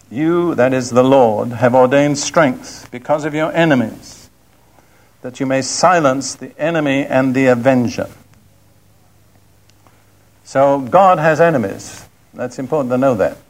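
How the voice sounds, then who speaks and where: An older man preaching a sermon, reading scripture in a slow, deliberate and emphatic way. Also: mid-range voice.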